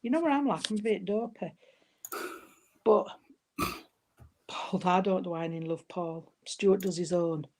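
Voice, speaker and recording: Warm-voiced woman medium. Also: on the low side, unhurried, pauses often. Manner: hesitant, affectionate, calls listeners darling. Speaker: spiritual medium. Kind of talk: live mediumship reading.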